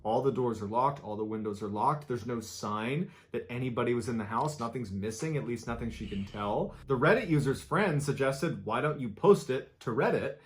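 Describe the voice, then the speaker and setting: A man's voice: mid-range voice, normal speed, hardly any pauses. Man narrating a true scary story. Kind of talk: scripted horror narration.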